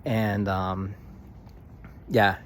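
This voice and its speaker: Low-voiced man telling an animated story. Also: very slow, a little hiss or hum. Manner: animated, emphatic, many fillers and restarts. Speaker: vlogger. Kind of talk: casual storytelling to camera.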